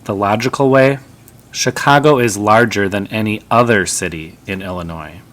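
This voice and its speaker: A man teaching a grammar lesson, explaining each example calmly and step by step. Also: lowish voice, moderate pace. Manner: calm, methodical explaining.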